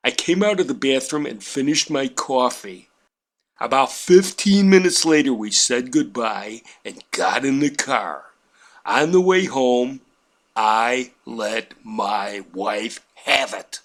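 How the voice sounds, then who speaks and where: A man's voice: medium pitch, takes it slowly. A man telling a comic personal story in a wry, self-mocking, exaggerated way. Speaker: painting instructor telling a family story.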